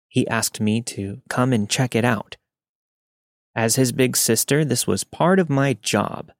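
A man's voice: medium pitch, dry recording. Man narrating a creepy story, dry. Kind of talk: scripted horror story narration.

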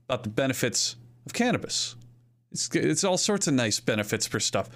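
A man's voice: medium pitch, very animated, a little fast, fairly bright tone. A young man hosting a podcast, reading sponsor ads in a playful, rambling, joking way. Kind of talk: comedic ad read.

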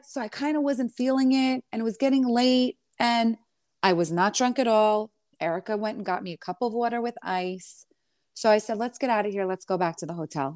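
A woman reality TV star in an interview, telling her side of a clash in a sassy, animated way and calling the listener honey. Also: mid-range voice, no echo, clean studio sound. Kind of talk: candid storytelling interview.

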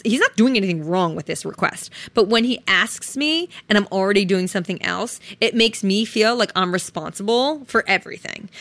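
A woman's voice: fairly low pitch, a bit bright, no echo. A young woman hosting a solo podcast, talking frankly and reflectively about her own feelings, swearing casually as she goes. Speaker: podcast host. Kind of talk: solo podcast, candid personal talk.

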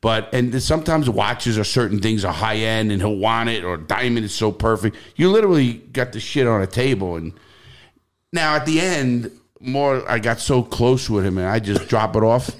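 Lively, profane New York man. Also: lowish voice, moderate pace. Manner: profane, animated, blunt. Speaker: podcast guest. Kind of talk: casual interview storytelling.

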